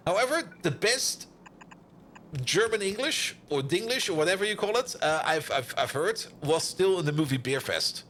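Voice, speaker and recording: A man streaming a video game and chatting casually with his viewers, animated, laughing often and swearing freely. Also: high voice, moderate pace, slight background noise. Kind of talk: casual live-stream chat while playing.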